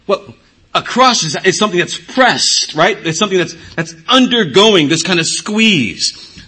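Bright, husky-voiced male preacher. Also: fairly high pitch, very animated, moderate pace. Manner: earnest teaching, repeats key words for emphasis. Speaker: pastor. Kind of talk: sermon.

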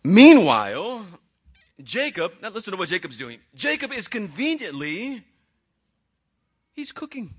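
Brief: man, pastor, animated and conversational sermon, somewhat high voice. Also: moderate pace, long pauses, slightly rough, lo-fi sound. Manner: animated, conversational, asks the congregation questions.

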